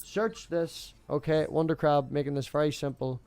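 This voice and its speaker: Fast-talking Irish-border man. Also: a little high, fairly even intonation, a little mellow. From Ireland, border area. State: stoned. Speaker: streamer hosting an open room. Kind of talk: casual live-stream chat.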